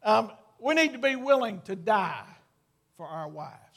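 This middle-aged pastor has a high, somewhat bright voice with vocal fry, and he speaks a little slowly but very animatedly. Earnest and folksy, he addresses the congregation directly and stretches out important words.

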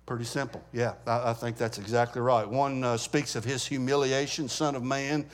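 A man's voice: medium pitch, fairly even intonation, normal speed. A man teaching a Bible study class in a conversational way, stopping to ask the group questions and often restarting his sentences.

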